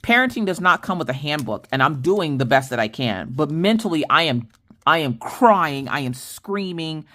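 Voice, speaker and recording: A middle-aged woman chats to her viewers in a casual vlog. Her voice sits low, but it swings widely as she tells stories with animated exasperation. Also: moderate pace. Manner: animated, exasperated storytelling addressing viewers as y'all. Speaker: crafting vlog host.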